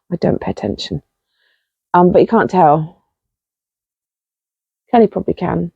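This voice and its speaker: A woman's voice: mid-range voice, mellow, slightly rough, no room sound, lo-fi sound. A woman hosting a casual knitting podcast, chatty and self-deprecating, rambling with fillers. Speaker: podcast host.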